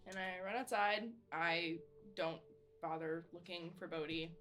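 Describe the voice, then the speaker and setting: A woman player describing her character's actions in a tabletop game, slow and thoughtful. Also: lowish voice, fairly even intonation, a bit bright, soft background music. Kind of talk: tabletop play.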